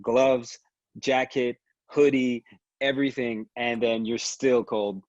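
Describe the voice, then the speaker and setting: A man from Canada, a figure skater, telling stories in an animated, casual way over a video call, with frequent restarts. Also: medium pitch, slow pace, no echo, muffled recording. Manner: animated storytelling with many restarts and laughs. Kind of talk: casual conversation.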